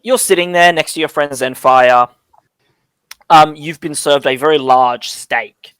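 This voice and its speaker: A man narrating as dungeon master in a rambling way, often pausing to search for words with lots of fillers. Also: fairly high pitch, a bit bright, smooth, dry recording. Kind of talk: narrating a tabletop game.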